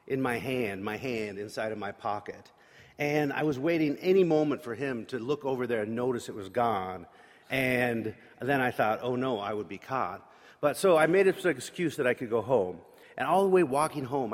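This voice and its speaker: A man at mid pitch tells a candid story from his boyhood as part of an evening service. He speaks in a plain, confessional way with casual fillers, and his words ring out into the long reverb of a large hall. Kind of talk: personal story in a sermon.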